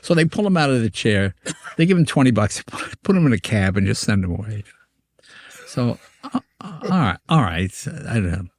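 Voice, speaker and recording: An older man, a comedian guest on a podcast, telling show business stories and acting out voices, with quick stammering restarts. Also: fairly low pitch, sing-song. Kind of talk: anecdotal storytelling on a podcast.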